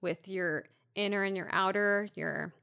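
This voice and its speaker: A woman co-hosting a relaxed podcast, talking as a coach about her work. She laughs easily and thinks aloud, filling her pauses with small hesitations. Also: mid-range voice, creaky, clean tone. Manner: laughs often, warm, thinks aloud with fillers. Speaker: podcast co-host, therapist or coach. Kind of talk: casual conversational podcast.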